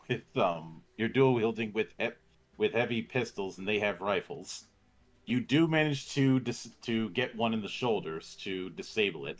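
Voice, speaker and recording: A man with a fairly low voice narrates a tabletop game as its game master. He talks in halting bursts, restarting phrases as he goes.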